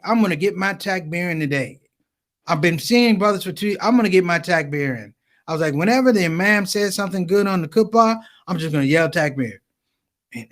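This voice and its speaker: Animated high-voiced male comedian. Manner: animated storytelling, acting out dialogue, repeated phrases. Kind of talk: stand-up comedy at a conference.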